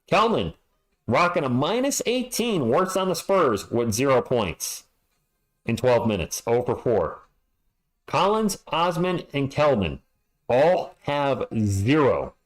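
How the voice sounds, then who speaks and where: A man's voice: medium pitch, big pitch swings, slow, rough recording. A man hosting a fan livestream, reading halftime stats and chat messages with frustrated, sarcastic commentary.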